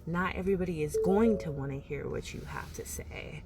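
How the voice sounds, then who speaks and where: A woman's voice: lowish voice, a little fast, very noisy. A woman giving casual motivational advice to camera, rambling and full of "like", with laughs between thoughts. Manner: rambling, filler-heavy, frequent "like". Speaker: motivational vlogger.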